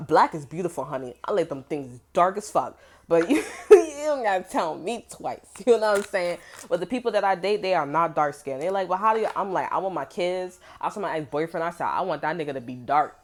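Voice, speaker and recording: A woman's voice: lowish voice, expressive, brisk. A young adult woman giving a casual tarot reading to camera that turns into a rambling rant. She is profane and emphatic and laughs often. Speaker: tarot reader.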